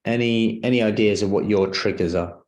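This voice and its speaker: A man's voice: fairly low pitch, steady tone, normal speed, darkish tone. A man leading a live seminar as a personal trainer, talking conversationally and often asking the audience questions.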